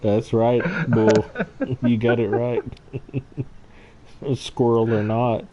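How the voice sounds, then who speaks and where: A man's voice: mid-range voice, completely flat delivery, extremely slow, dark tone, dull audio, slight background noise. A man hosting a casual gaming livestream, laughing often and reading chat aloud. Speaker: livestream host.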